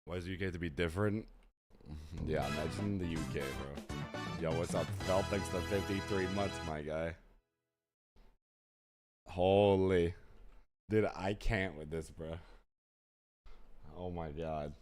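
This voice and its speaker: Very deep-voiced sick male streamer. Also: unhurried, pauses often, music in the background. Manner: slangy, exasperated, talks straight to chat. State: sick, voice unusually deep and rough. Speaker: live game streamer. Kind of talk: casual live-stream chat.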